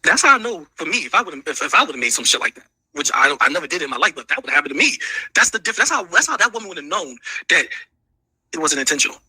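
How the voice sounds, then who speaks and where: A man's voice: a little high, sing-song, fast, pushed and bright, breathy edge, no room sound, rough recording. A sick man ranting heatedly, lecturing with profanity and a lot of repetition. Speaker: streamer being reacted to. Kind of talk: heated rant.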